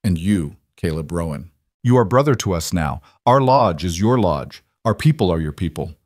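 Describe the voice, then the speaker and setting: A man's voice: deep voice, expressive, normal speed, a little mellow, dry recording, studio quality. A man reading as a solemn old tribal chief. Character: wise elderly male tribal chief, calm and solemn.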